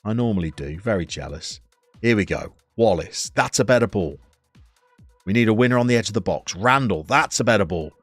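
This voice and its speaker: A man, live-streaming a football game, reading out viewers' messages and commenting on the match in a chatty, playful way with sudden bursts of excitement. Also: fairly low pitch, brisk, dry recording, faint music behind. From England.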